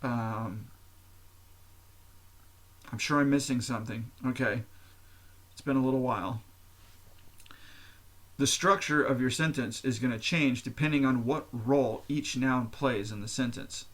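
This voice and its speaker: A man's voice: mid-range voice, measured pace, long pauses, a bit bright. A man hosting his own podcast, talking alone in a candid, profane, rambling way. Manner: candid and profane, explains at length with fillers. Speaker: podcast host. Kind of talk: casual solo monologue.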